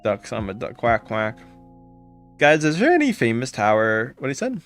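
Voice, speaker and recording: A man's voice: mid-range voice, wildly swooping pitch, brisk, soft background music. A man streaming a game live, chatting casually and greeting viewers by name with repeated thanks.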